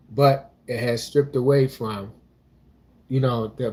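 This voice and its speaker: A man's voice: mid-range voice, fairly even intonation, takes it slowly, a bit bright. A man co-hosting a couples channel, talking casually and rambling about his life, with restarts and religious asides. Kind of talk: casual personal talk.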